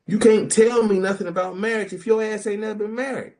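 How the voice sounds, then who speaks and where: His voice sits high and moves fairly quickly as he joins a casual group discussion of scripture on a podcast. Animated and playful, the man imitates people's voices when quoting them.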